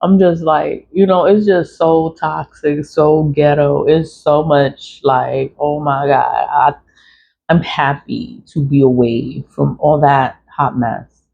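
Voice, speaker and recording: A woman's voice: low voice, steady tone, takes it slowly, vocal fry, a little mellow, slight background noise. A middle-aged woman, telling a personal story in a blunt, swearing, venting way with laughs. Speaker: vlogger. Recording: dull lo-fi audio.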